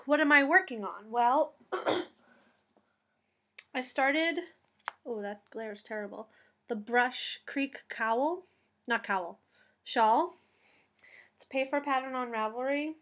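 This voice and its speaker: Bright, chatty woman vlogging about knitting. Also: sits high, takes it slowly, pauses often. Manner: chatty and rambling, going off on tangents; self-deprecating, laughing at her own mistakes. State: tired. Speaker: knitting vlog host. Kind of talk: casual chat. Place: at home with a cat on her lap.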